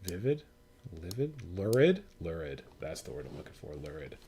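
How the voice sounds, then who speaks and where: A man's voice: sits low, very animated, moderate pace. A Canadian man hosting a casual livestream, chatting with viewers and muttering to himself while he fiddles with his settings. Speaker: livestream host. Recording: noisy home livestream recording.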